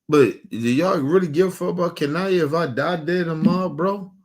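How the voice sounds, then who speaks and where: A man streaming an emotional, profane rant, repeating himself with heated questions and trailing off into low mutters. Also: normal speed.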